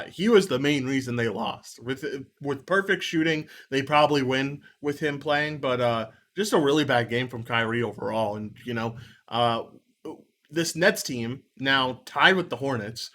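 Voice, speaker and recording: A man's voice: medium pitch, fairly bright tone. A man co-hosting a sports show, chatting casually and running through game results with frequent laughs. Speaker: co-host of a sports betting show.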